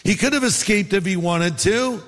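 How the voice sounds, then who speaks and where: A man's voice: high-pitched, moderate pace, fairly bright tone, long reverb tail. A man from California with a Californian accent, preaching a sermon in a conversational style full of rhetorical questions. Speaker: pastor.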